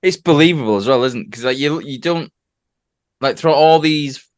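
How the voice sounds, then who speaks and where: A man's voice: fairly high pitch, moderate pace. A man co-hosting a casual film podcast, making his points emphatically. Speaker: podcast co-host. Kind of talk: casual chat.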